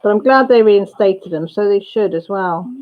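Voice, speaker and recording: On a dull lo-fi recording, a mother hosting a casual livestream chat greets viewers by name and talks with her family off-camera. She speaks at normal speed in a medium-pitched voice.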